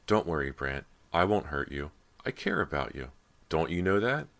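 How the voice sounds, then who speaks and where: A man's voice: rumbling low, very animated, normal speed, creaky, a bit bright, heavily acted. A man voicing a cruel, lonely ghost girl in a horror audiobook, cold and menacing.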